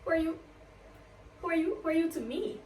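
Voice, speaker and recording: A woman's voice: very high-pitched, expressive, fairly quick, a little mellow, a little hiss or hum. A woman chatting casually as a vlogger, answering get-to-know-me questions and peppering her talk with "like". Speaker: YouTuber. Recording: roomy, distant from the mic, faint ambience.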